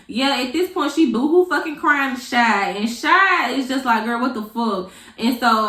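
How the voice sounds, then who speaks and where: Young woman, casual storytime, dramatic and profane, roomy echo. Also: a little high. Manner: animated, profane, dramatic retelling. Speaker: vlogger.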